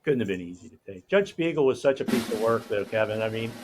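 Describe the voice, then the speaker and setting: A middle-aged man hosting a casual interview, telling lively anecdotes. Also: lowish voice, fast talker, heavy background noise. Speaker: host. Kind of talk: casual chat.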